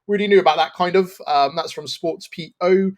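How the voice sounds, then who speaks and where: A man with a high voice hosts a football podcast, talking briskly in a casual, rambling chat. He laughs at his own slips as he goes.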